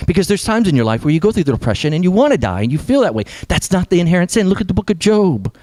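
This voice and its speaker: A young adult man preaching a sermon as pastor, animated, sometimes dropping to a hush for emphasis. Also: high-pitched, racing, dry recording.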